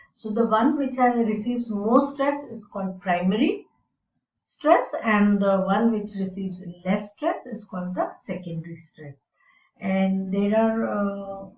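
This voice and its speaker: A woman teaching English in a slow, deliberate lecture, explaining with fillers. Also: mid-range voice, a little mellow. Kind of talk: recorded lecture. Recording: roomy and distant, dull sound.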